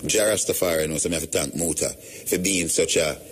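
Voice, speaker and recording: A middle-aged Jamaican man hosts a radio show, chatting casually in a loose, storytelling way full of patois. His low voice is fairly quick with fairly even intonation, and there's a little hiss or hum.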